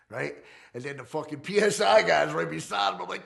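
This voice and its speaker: Gravelly, profane middle-aged man. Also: a little high, a little fast. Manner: profane, streetwise, animated retelling. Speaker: interviewee recounting his criminal past. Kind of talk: candid documentary interview storytelling.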